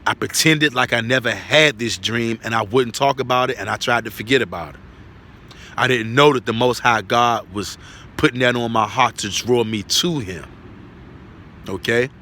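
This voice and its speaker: Man with a bright, forceful voice. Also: mid-range voice, moderate pace, slight background noise. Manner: earnest and repetitive, with frequent tag questions. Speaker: religious testimony speaker. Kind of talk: spoken testimony of a dream.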